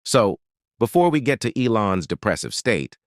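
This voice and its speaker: A man's voice: lowish voice, sing-song, normal speed, no room sound, clean studio sound. Sarcastic man hosting political commentary. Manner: sarcastic, scornful. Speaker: commentary channel host. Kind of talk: political commentary over clips.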